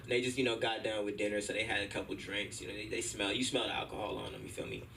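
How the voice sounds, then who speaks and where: Young male stand-up comic, bright and animated, heard from a distant mic in a club with faint noise. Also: on the low side, racing, vocal fry. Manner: animated storytelling, acting out voices. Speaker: stand-up comedian. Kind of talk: stand-up set at an open mic. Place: comedy club stage.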